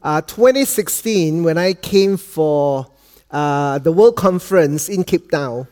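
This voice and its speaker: A man's voice: a little high, expressive, slow, darkish tone. A man with a Malaysian accent, a guest pastor opening his sermon in a chatty, joking way, often adding "okay?". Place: church auditorium. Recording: long hall reverb.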